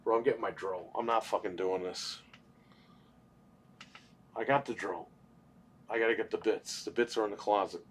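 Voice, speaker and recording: A man's voice: on the low side, normal speed, long pauses, a bit bright, a little hiss or hum. A young man co-hosting a gaming livestream, telling rambling stories in casual, profane chat. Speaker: podcast co-host.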